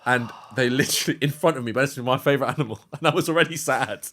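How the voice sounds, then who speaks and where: A young man, a podcast guest telling a story in a casual, animated, slangy way. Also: mid-range voice, very fast, a little hiss or hum.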